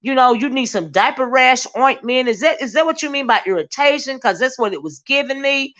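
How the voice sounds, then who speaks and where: A woman's voice: high-pitched, expressive, brisk, hardly any pauses, fairly bright tone. A woman hosting a casual livestream with sassy gossip commentary, reading chat comments aloud and drawing out asides of "child". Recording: dull lo-fi stream audio.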